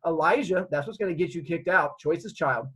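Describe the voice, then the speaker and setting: Male storyteller, comedic and animated, slightly high husky voice. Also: moderate pace, rough recording. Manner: animated, acting out scenes.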